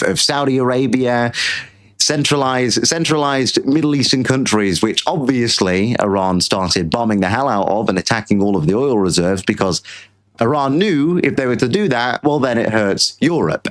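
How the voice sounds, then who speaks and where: Brief: British male host, mid-pitched voice, ranting casual commentary, repeats phrases, slips into mocking put-on voices. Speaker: show host.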